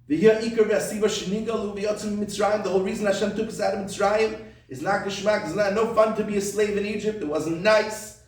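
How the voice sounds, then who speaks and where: A man teaching a Torah class, explaining step by step and repeating his points rhetorical questions. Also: high-pitched. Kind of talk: conversational Torah lecture. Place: classroom or study hall. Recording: echoey room, voice from far off the mic.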